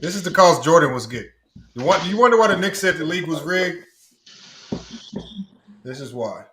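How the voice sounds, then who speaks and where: A man's voice: on the high side, lively intonation, moderate pace, reverberant, noisy background. A man hosting a casual sports debate, cutting in to point at replays and repeating himself over and over. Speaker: host showing game clips.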